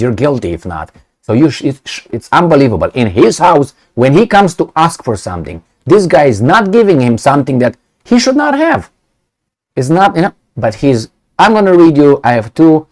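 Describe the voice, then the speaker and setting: A man talking through the news in a blunt, sarcastic voice that swings up and down a lot. He has a middle pitch and keeps stopping on "uh" and "you know.". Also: a little mellow. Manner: blunt and sarcastic, many fillers. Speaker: political commentator. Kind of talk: casual opinionated commentary.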